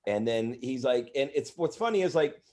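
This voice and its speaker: A man's voice: medium pitch, normal speed. A middle-aged man, a comedian guest, telling rambling, profane stories in casual chat. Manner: rambling, profane, animated bits. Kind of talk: casual storytelling.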